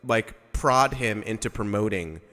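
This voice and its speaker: A man's voice: lowish voice, measured pace, fairly bright tone. A man chatting casually on a video call as an open mic regular, rambling with lots of filler words and laughing as he talks. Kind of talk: casual chat.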